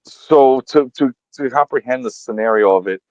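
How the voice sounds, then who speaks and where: A man's voice: mid-range voice, moderate pace, a little mellow, dry recording. Emphatic cursing man, dull lo-fi sound. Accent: New England. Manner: emphatic, profane, retells calls with quoted lines. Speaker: podcast co-host. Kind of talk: casual chat.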